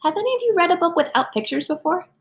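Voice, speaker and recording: A woman teacher explaining how to run a read-aloud, then reading a silly picture-free book to children with playful, animated delivery. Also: very high-pitched, fast talker. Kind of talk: instructional talk and expressive read-aloud.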